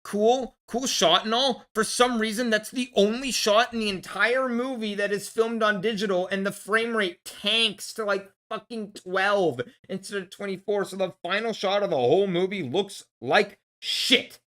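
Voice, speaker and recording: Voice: medium pitch, moderate pace, hardly any pauses, a bit bright. A vlogger ranting in a casual film review, angry and blunt, swearing heavily and restarting when worked up.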